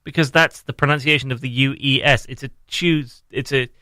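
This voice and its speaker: A man co-hosts a radio show with a bright, forceful voice. He banters playfully and teases his partner. The sound is close and dry, like a studio mic. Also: medium pitch, a little fast, no room sound. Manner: playful, teasing, animated about pronunciation. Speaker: radio co-host. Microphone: studio microphone.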